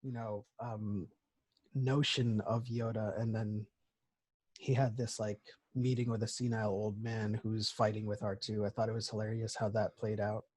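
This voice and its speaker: A man's voice: fairly low pitch, flat delivery, moderate pace, a little mellow, slightly rough. A man co-hosting a podcast in casual chat, rambling and thinking aloud as he talks. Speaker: podcast co-host.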